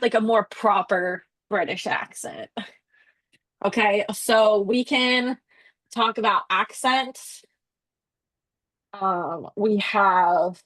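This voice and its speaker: A young woman leads a casual class discussion, chatty and quick to laugh. Her voice sits in a middle range. The sound is dry and close, with no room around it. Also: mid-range voice, fairly bright tone, dry recording. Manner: chatty, laughs often, addresses the group as guys. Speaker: student leading a book discussion.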